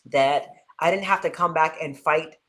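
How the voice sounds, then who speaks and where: A woman's voice: sits low, normal speed. A woman, a pastor, chatting casually and animatedly, often saying "like" and talking straight to the viewers. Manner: animated, uses "like" often, speaks to viewers directly. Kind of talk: casual chat.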